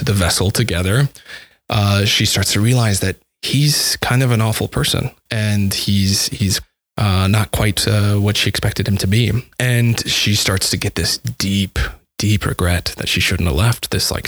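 A man casually retelling a story in conversation, halting often and repeating words as he goes. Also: lowish voice, dry recording. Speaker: composer describing his dissertation project.

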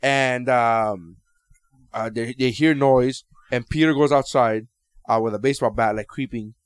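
A man's voice: mid-range voice, measured pace, clear, resonant tone, no echo, studio quality. A man co-hosting a podcast, telling crude stories in casual banter and acting out the voices. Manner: animated, profane storyteller who acts out voices. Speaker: podcast co-host.

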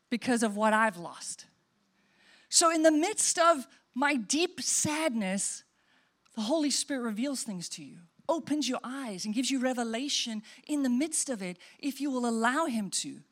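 A woman pastor preaching an expressive sermon, shifting between soft, tender passages and emphatic ones. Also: high voice.

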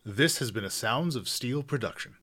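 A man hosting a casual podcast, upbeat and quick to laugh. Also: mid-range voice, animated, a bit bright. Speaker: podcast host.

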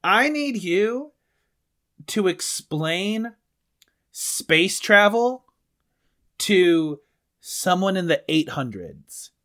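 A man's voice: high-pitched, sing-song, drawn-out words, long pauses, pushed and bright. A man hosting a comedy podcast, leading bits in casual, upbeat banter. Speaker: podcast host.

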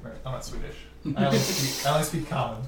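A man's voice: mid-range voice, quick pace, heavy background noise. A man playing a tabletop role-playing game, joking and rambling with frequent restarts. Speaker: player. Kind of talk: casual tabletop play. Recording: echoey room, slightly distant mic.

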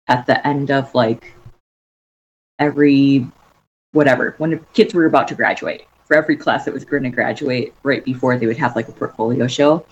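Low-voiced young woman telling a story. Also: husky, lo-fi sound. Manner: chatty, filler-heavy, animated quoting of others. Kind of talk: casual storytelling chat.

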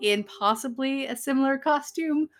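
A woman's voice: sits high, moderate pace. A young woman co-hosting a podcast, casually swearing and acting out characters as she recaps a TV episode. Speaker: podcast co-host.

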